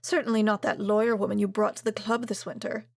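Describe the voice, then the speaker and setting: A woman's voice: medium pitch, flat delivery, quick pace, creaky, dry recording, clean studio sound. A woman voicing a fussy, meddling older mother who nags and frets about her son marrying. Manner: flustered, nagging.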